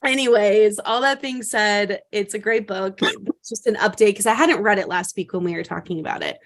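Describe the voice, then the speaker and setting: A woman's voice: medium pitch, normal speed. Chatty woman podcast co-host. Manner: chatty, many fillers and restarts. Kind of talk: casual chat.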